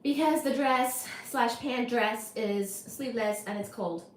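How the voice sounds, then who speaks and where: A woman hosts a casual livestream in an animated, playful way, greeting viewers in quick repeated bursts and reading their comments aloud. Her voice is a little high, and the roomy audio has slight background noise.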